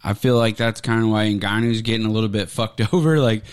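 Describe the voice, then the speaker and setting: A man's voice: on the low side, fairly even intonation, brisk, smooth. A man from Oklahoma co-hosting a podcast, chatting casually about fights in a loose, profane, jokey way, often slipping into voices. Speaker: podcast co-host.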